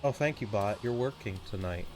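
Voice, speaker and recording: A man's voice: on the low side, normal speed, darkish tone, slight background noise. A man streaming a video game, chatting casually and ranting with a rambling, swearing delivery. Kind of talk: casual chat while streaming.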